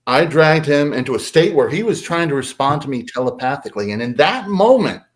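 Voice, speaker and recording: A man, a podcast guest, telling a story in a lively way and acting out quotes. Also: fairly quick. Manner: lively, acts out quotes with big pitch swings. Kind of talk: animated storytelling.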